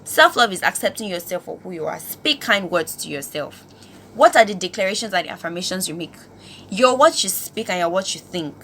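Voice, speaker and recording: Woman host from Nigeria, bright tone, emphatic and preachy, asks the audience questions. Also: fairly low pitch, expressive, fairly quick, a little hiss or hum. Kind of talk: motivational vlog talk.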